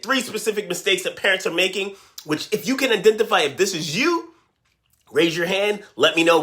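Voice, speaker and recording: A middle-aged man coaching parents straight to camera, energetic and emphatic, often putting questions to his viewers. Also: high voice. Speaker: parenting and teen life coach. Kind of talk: direct-to-camera coaching talk.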